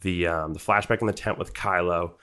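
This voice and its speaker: Deep-voiced man picking apart a film. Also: fairly even intonation, brisk, bright, forceful tone, smooth. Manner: analytical, rambling with fillers and restarts. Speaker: podcast co-host. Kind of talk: casual film discussion.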